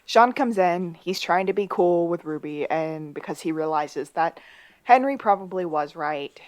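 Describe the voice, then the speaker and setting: A woman with a somewhat low voice co-hosts a casual podcast. She recaps a TV episode in relaxed, chatty talk, slipping in dry asides. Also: measured pace. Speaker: podcast co-host.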